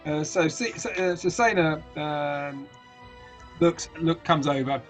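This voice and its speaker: A man's voice: fairly high pitch, slow, soft background music. A man narrating as game master of a tabletop game, with frequent hesitations and restarts. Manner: hesitant, full of fillers and restarts.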